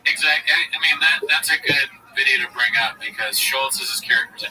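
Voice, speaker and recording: A man's voice: medium pitch, moderate pace, pushed and bright, distant mic, faint music behind, poor audio. A man hosting a livestream, riffing jokingly on clips he is watching. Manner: joking, riffing, laughs often. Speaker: livestream host. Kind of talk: comedic commentary chat.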